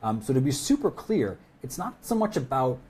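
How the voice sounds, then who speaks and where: Man, relaxed sales trainer, loose and chatty, soft husky tone. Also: mid-range voice, moderate pace. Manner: conversational, many fillers and restarts. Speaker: sales expert guest. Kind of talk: casual webinar teaching.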